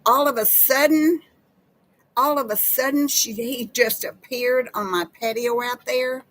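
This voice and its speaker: A woman chats folksily with viewers on a live stream. She takes her time, with an easy, drawn-out pace. Her talk is homey and personal. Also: fairly high pitch, fairly bright tone, low-quality recording. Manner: folksy, chatty, addresses viewers as y'all. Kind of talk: casual live chat.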